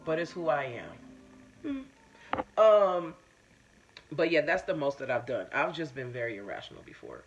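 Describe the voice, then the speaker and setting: A woman's voice: low-pitched, a bit bright, slight background noise. Woman, live-stream host, casual storytelling, profane, candid, reads viewer comments, muffled lo-fi audio.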